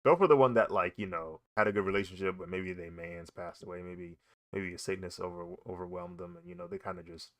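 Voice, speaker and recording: Low-voiced young man chatting while drawing. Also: fairly even intonation, brisk, fairly bright tone. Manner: rambling, laughs often, says "bro" a lot. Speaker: artist streaming a drawing session. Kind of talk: casual chat while drawing.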